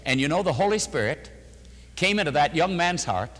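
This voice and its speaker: Older man preaching in a big hall. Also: brisk. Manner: animated storytelling, voices quotes with rising pitch. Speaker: preacher answering questions. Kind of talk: sermon.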